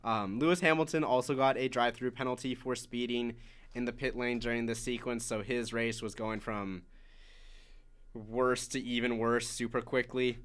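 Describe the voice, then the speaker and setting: A man's voice: mid-range voice, little pitch movement, normal speed, a bit bright. A man co-hosting a podcast, casually recapping a motor race lap by lap with lots of "like" fillers. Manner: chatty, many "like" fillers, recapping laps. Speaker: podcast co-host.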